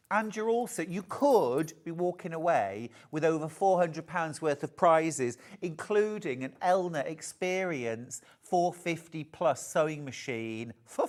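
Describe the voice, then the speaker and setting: A man hosting a live TV shopping sale, chatty and gushing, reading out viewers' messages and calling them darling. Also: sits high. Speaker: shopping channel host. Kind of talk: live TV shopping sales pitch.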